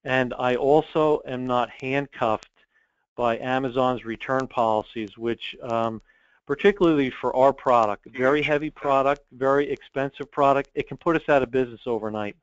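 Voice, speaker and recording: A man's voice: medium pitch, moderate pace, clear, resonant tone, no room sound, muffled recording. A man who owns an online store, talking directly and confidently as a guest in a business interview, with frequent ums. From United States.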